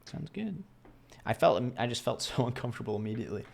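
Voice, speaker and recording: A man's voice: mid-range voice, fairly even intonation, rapid-fire, vocal fry. A young man casually telling a story to camera in a rambling, self-deprecating way, acting out the voices of the people he quotes. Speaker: vlogger.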